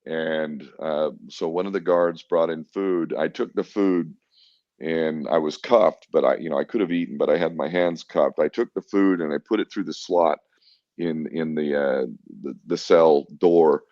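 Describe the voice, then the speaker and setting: Middle-aged man, podcast guest, low and gruff, swearing freely, lo-fi and dry. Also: steady tone, moderate pace, darkish tone, dry recording. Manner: blunt, profane, defiant, acts out quoted exchanges. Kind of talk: candid storytelling interview. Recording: dull lo-fi dry sound.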